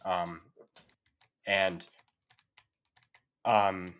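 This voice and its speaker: A man's voice: low voice, little pitch movement, extremely slow, fairly bright tone, a little hiss or hum. A man narrating a tabletop game as game master, casual and full of fillers. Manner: casual, loose descriptions with many fillers.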